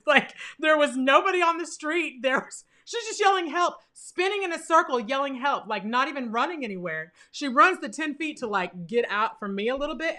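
A young woman telling a personal story in a lively way, laughing often and acting out what people said. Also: fairly high pitch. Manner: animated, laughing often, acts out quoted voices.

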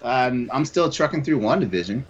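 A man co-hosting a casual chat, talking in animated bursts, laughing often and stumbling over repeated words. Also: mid-range voice, moderate pace, breathy edge, dull audio. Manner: animated, laughs often, stammers when excited. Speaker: podcast co-host.

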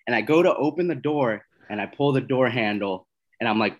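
A man's voice: mid-range voice, normal speed. A man in casual podcast chat, rambling through a story, repeating words and laughing at himself.

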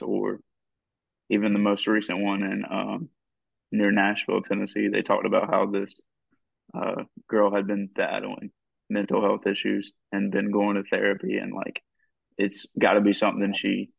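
A man co-hosting a podcast, speaking in a hesitant, halting way with a gravelly voice. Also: fairly low pitch, dry recording. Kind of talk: casual conversational discussion. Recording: dull lo-fi dry sound.

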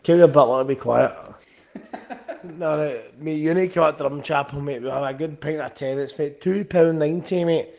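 A man's voice: a little high, moderate pace, creaky, a little mellow. A rowdy man in a drunk voice message, insistently repeating "mate". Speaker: stag party acquaintance. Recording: phone recording with background noise.

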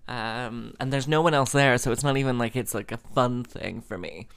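A man's voice: mid-range voice, moderate pace, creaky, a bit bright, clear, resonant tone. Rambling, sweary young man podcasting. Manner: rambling, sweary, filler-heavy. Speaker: podcast host and musician. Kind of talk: casual solo podcast monologue.

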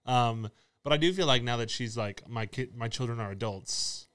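A man's voice: mid-range voice, normal speed, fairly bright tone, smooth, no room sound. A young American man co-hosting a podcast, chatting playfully and rambling with frequent laughs. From United States. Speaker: podcast co-host. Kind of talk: casual chat. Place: table indoors with cameras.

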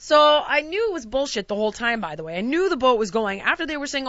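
A woman's voice: fast talker, dry recording, muffled recording. A woman hosting a casual talk show, telling a travel mishap story and acting out every quote with big swings of voice. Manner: animated, acts out quotes with big pitch jumps and shouts. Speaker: podcast host.

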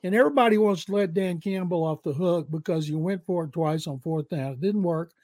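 A man's voice: on the high side, brisk, darkish tone, no room sound. A man in his sixties with a Southern accent, a veteran football writer telling rambling anecdotes and giving blunt opinions on a podcast. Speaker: veteran NFL writer, guest. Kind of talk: casual storytelling and football analysis.

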